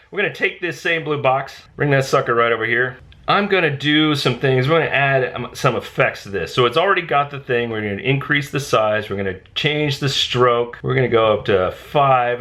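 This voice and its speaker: A man hosting a casual software tutorial, thinking aloud and bursting into excitement when things work. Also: medium pitch. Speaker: design tutorial host.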